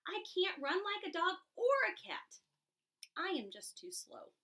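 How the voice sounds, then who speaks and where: A woman's voice: very high voice, huge pitch swings, a little slow, sharp tone, distant mic, slight background noise, voice pushed up, heavily acted. A woman voicing a small, stubborn young female tortoise in a bedtime story, earnest and indignant. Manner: earnest, indignant then sad.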